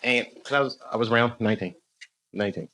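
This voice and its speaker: On a comedy club stage, a stand-up comedian with a mid-range voice talks fast in a sharp tone, rambling through a story, laughing at his own jokes, and bantering with the crowd. The live recording catches a noisy audience and their laughter.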